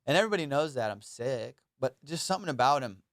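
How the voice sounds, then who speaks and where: A young man talks alone into the mic in a loose, rambling way, poking fun at himself and swearing without care. His voice sits at an ordinary middle pitch and comes through smooth and clear. The sound is close and dry, with no room around it. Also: expressive, fast talker, a bit bright, no room sound. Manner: rambling, playful and self-mocking, swears freely. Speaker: comedian hosting his own podcast. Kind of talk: casual solo podcast chat.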